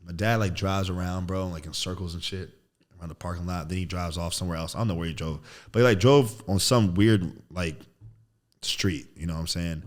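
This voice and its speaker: A man in his thirties, a podcast guest, telling a story in casual chat, animated and throwing in "bro" a lot. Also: sits low, a little fast. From United States. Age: 30s. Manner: animated storyteller, acts out quotes loudly, says "bro" often.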